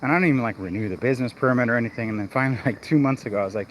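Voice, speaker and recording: A man's voice: medium pitch, very fast. Chatty male realtor on noisy phone stream. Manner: chatty, rambling, talks to himself between doors. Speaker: real estate agent. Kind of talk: casual livestream monologue while door-knocking. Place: outdoors on residential streets. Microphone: mobile phone.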